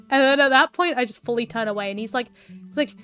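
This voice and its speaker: A woman's voice: on the high side, brisk, a bit bright, faint music behind. A woman streamer telling a story casually while she draws, rambling with lots of fillers and swearing.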